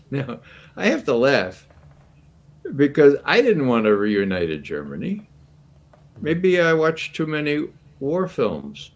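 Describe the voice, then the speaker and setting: An older man in his eighties speaks as a guest commentator, telling stories in a loose, anecdotal way. His pitch rises and falls freely as he goes, and he breaks into chuckles now and then. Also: very animated, takes it slowly. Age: 80s. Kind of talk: casual storytelling commentary.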